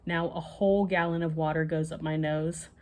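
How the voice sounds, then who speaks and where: A woman reading a children's bedtime story aloud, with a lively, expressive delivery. Her voice sits a little low for a woman. She reads the story with plenty of emphasis and character. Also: normal speed.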